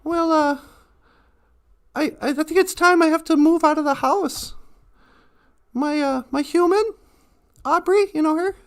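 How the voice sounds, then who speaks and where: Lil teddy bear boy, shy, stammers, worried, high voice, woman voicing him. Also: a little slow, long pauses. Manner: hesitant, stammering.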